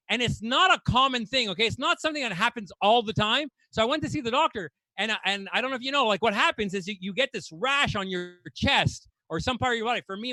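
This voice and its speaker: A man doing stand-up, with a very high, bright, forceful voice. He rants in exasperation and swears freely. The sound is dry and close. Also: no echo. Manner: exasperated, ranting delivery; swears casually. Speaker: stand-up comedian. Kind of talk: stand-up comedy set.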